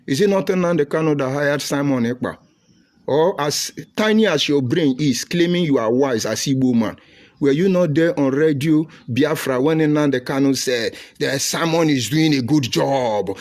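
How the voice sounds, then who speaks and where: A man's voice: a little high, a little mellow. Combative Nigerian man on a live stream. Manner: combative, rhetorical, insulting.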